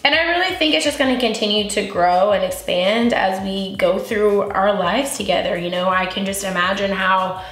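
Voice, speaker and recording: A woman's voice: medium pitch, normal speed, few pauses, fairly bright tone. Candid young woman vlogging in an echoey room. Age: 20s. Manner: candid, giggly, emotional and open. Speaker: beauty vlogger. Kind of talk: casual get-ready-with-me chat. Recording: echoey room with faint music.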